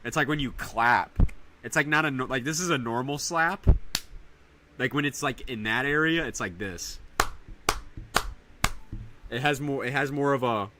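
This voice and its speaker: A young man streaming casually, rambling in slang and breaking into loud high yells. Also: measured pace, pauses often, background noise. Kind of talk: casual live-stream chat.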